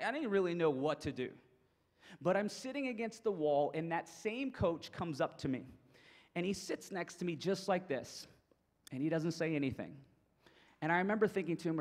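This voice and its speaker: Man, high voice, motivational speaker, animated storytelling, long hall reverb. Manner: animated storyteller, acting out his own thoughts. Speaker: speaker at a coaches' conference.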